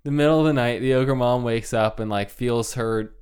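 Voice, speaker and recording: A man with a smooth, medium-pitched voice and darkish tone speaks at normal speed. As a podcast co-host, he casually retells a fairy tale with wry humor and plenty of fillers.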